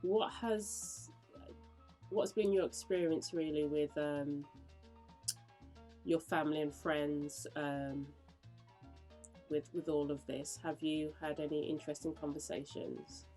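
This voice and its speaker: Woman host, very low voice, calm interviewer. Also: slow pace, long pauses, soft background music. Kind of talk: casual interview.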